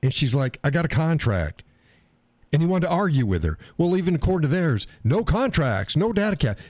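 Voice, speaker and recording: A man's voice: a little high, sing-song, quick pace, a little mellow, no room sound. A middle-aged American man hosting a live stream, ranting casually in a profane, rambling way and mocking other people's words. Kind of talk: casual storytelling rant.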